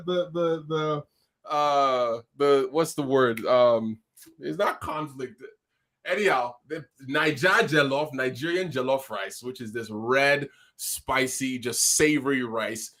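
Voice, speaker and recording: A man hosting a live online talk show with a playful, hyped-up manner. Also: medium pitch. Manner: energetic, hype, playful. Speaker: host. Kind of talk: lively live-show chat. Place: home studio in California.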